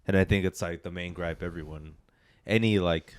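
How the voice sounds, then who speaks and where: A man's voice: deep voice, fairly even intonation, moderate pace, clear, resonant tone, dry recording. A man co-hosting a movie podcast, chatting casually with a joking, rambling manner and big swings in energy. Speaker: podcast co-host. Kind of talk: casual chat.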